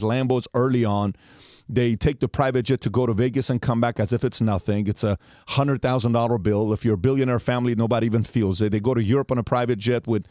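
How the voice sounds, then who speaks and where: A man's voice: lowish voice, a little mellow, no room sound, studio quality. A man in his forties telling a long story as a podcast guest, acting out the quoted lines as he goes.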